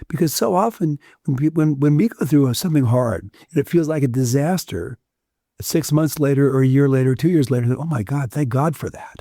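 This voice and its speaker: Mellow, thoughtful man. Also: medium pitch, brisk, no echo, studio quality. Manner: thoughtful, stammering repetitions. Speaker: podcast guest, neuropsychologist. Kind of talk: reflective conversational talk.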